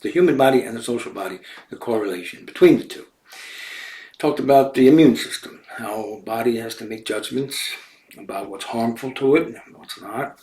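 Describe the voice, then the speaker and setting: A man talks in a loose, meandering way, restarting phrases as he works through his ideas. His voice sits at an ordinary middle pitch and sounds set back from the mic in a roomy space. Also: a little mellow, distant mic. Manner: meandering, self-correcting. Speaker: host. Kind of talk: casual talk to camera.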